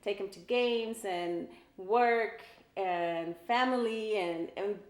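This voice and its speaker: A middle-aged realtor with an El Paso, Texas accent chats casually and emotionally as an interview guest, laughing often. Her mid-range voice moves slowly, and the room sounds echoey.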